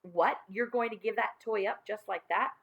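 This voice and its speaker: A woman voicing a firm, exasperated mother who is clearing out toys in a storybook. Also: medium pitch, normal speed, a bit bright, close to an everyday voice. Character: exasperated mother sorting toys with her son.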